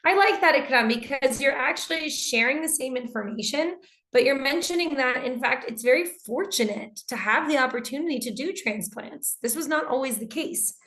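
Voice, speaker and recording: A woman's voice: sits high, moderate pace. A woman teaching an online English class, reading out students' answers and commenting on each one. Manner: reads student answers aloud and comments warmly on them.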